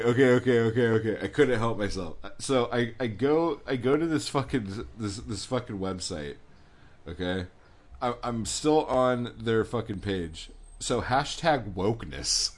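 Husky, profane ranting man. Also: lowish voice. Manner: angry, sweary, sarcastic. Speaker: podcast host. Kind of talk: profane rant monologue.

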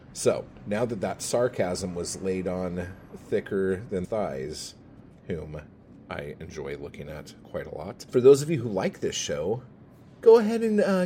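Low, dark-toned male podcast host; sarcastic, profane rambling monologue. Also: a little hiss or hum. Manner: sarcastic, swears constantly.

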